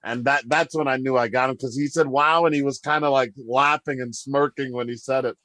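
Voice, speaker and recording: A man guest on a podcast, telling a story in a casual, animated way, acting out quotes and laughing as he goes. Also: mid-range voice, fairly quick, dry recording.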